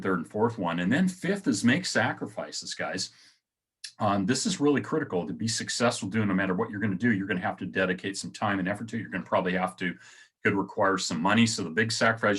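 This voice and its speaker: A man's voice: low voice, a bit bright, breathy edge. A man hosting his own motivational video, talking casually to viewers and often calling them guys. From United States. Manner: conversational, repeats phrases, addresses viewers as guys. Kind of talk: casual motivational talk to camera.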